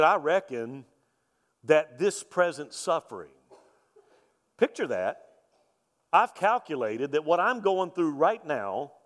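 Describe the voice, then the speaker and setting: Pastor guy preaching, folksy and jokey, loud then hushed, big church reverb. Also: a little high. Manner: folksy, joking, swings between loud emphasis and soft quiet lines. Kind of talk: sermon. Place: church sanctuary. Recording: long reverb of a church hall.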